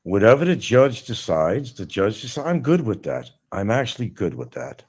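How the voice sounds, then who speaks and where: A middle-aged man hosts a live stream alone, talking casually and often turning sarcastic and mocking. His voice sits very low, but his pitch swings widely, rising sharply and dropping again. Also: sing-song, normal speed, a little mellow, husky. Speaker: livestream host. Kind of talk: casual livestream monologue.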